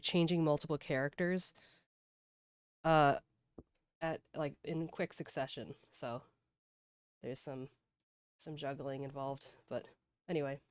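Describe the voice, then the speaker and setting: A woman's voice: sits low, darkish tone, clear, resonant tone, no room sound, clean studio sound. A woman streamer chatting casually as she plays, rambling through explanations of the game. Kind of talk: casual gameplay commentary.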